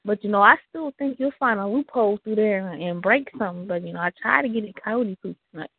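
Woman host teasing callers, slightly husky voice, phone line sound. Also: medium pitch, fast, no echo. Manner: playful, teasing banter. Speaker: radio show host. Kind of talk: casual call-in show hosting.

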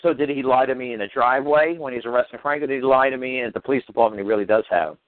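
A man's voice: medium pitch, racing, dry recording. A man tells his story in a heated, profane rush and replays each argument as he goes. His voice comes through a thin, phone-like line. The sound is dry, with no room around it. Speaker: guest recounting a legal dispute. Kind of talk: casual phone-in chat.

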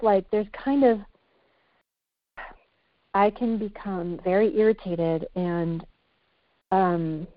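A woman's voice: medium pitch, dry recording. A woman talking candidly as a podcast guest, reflective and searching for her words. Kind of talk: candid casual conversation. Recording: muffled, dry, lo-fi.

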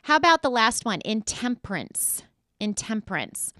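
Emphatic woman host, crisp and dry. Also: fairly high pitch, sing-song, normal speed, sharp tone, no room sound. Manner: emphatic, direct address to listeners, repeats key points. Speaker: talk show host. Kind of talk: motivational talk-show monologue.

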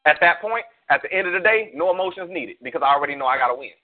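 A man's voice: on the high side, lively intonation, racing. A man, a pastor, talking casually on a church call show, preaching through slangy stories and hypotheticals. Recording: tinny phone-like call audio.

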